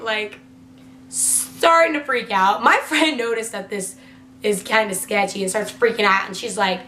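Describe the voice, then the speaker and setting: Bright young woman in a roomy room. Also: mid-range voice, unhurried. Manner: chatty, heavy use of "like", swears casually. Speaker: vlogger. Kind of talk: casual storytime vlog. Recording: roomy echo with faint hum.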